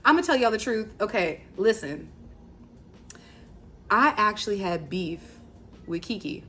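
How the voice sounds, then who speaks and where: A woman in her thirties from Virginia, hosting a podcast in animated, casual, chatty storytelling. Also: medium pitch, a little slow, slight background noise. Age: 30s. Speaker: podcast host. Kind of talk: casual chat.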